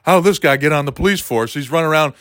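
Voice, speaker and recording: A man doing a rambling, deadpan comedy monologue, talking to a listener by name as he goes. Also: on the high side, racing, dry recording, studio quality. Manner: meandering, deadpan, keeps addressing a listener by name.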